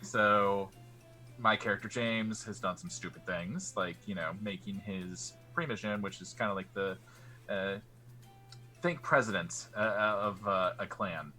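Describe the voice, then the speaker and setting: Man player, bright, forceful voice, jokey and profane, rambles with fillers. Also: fairly low pitch, unhurried, faint music behind. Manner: joking, swearing, laughing, rambling. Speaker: player, co-host. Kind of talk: casual chat streaming a tabletop game.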